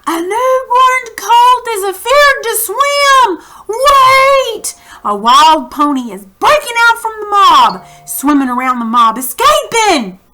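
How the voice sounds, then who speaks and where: A hoarse old fisherman bellows high, cracking cries over the water, as a woman reading a story puts him on. His voice is strained and breathless with excitement. It comes out bright and sharp. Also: unhurried, hardly any pauses, faint music behind, full character voice. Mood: excited shouting. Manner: shouting high-pitched news across the water. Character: hoarse excited male fisherman shouting reports.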